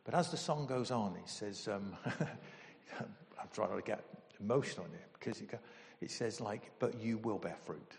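A man preaching a sermon as pastor, emotional and animated, with sudden loud bursts. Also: fairly low pitch, in a large hall, slight background noise.

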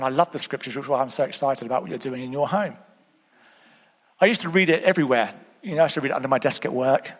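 A man preaching in a high, lifted voice, speaking to his congregation like friends. He drops to near-whispers, then bursts into emphatic exclamations. His words ring out in a large hall with a long reverb tail. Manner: swings between hushed intimate asides and emphatic exclamations; conversational, with repeated calls to the audience. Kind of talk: sermon.

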